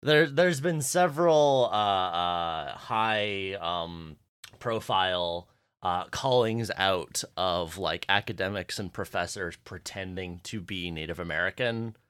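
A man's voice: low-pitched, slow, a bit bright, clean tone, dry recording. A young man co-hosting a fan podcast in casual chat, hesitant and thinking aloud. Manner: hesitant, many fillers and restarts. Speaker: podcast co-host.

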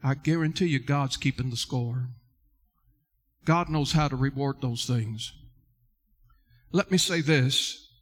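A man's voice: mid-range voice, slow pace, pauses often. A male pastor preaching a sermon earnestly, addressing listeners directly and repeating key words for emphasis.

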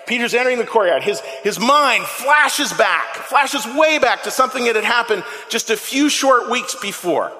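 A man with a high, bright voice gives an animated sermon and keeps asking the people in the pews questions. His voice rings out in a long reverberant church hall. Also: normal speed, few pauses. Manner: animated, conversational, asks the congregation questions. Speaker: pastor. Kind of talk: lively sermon. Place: church sanctuary. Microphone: handheld microphone.

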